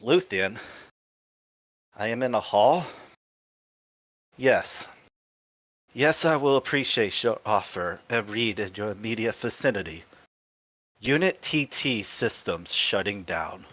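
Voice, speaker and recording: A woman's voice: extremely low pitch, animated, slow pace, pauses often, fairly bright tone, pitched below the performer's own voice, exaggerated voice. A woman voicing a cheerful, naive robot companion who recaps a tabletop game session in stiff, formal phrasing with bouncy exclamations. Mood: powering down. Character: cheerful naive robot party member, metal frame.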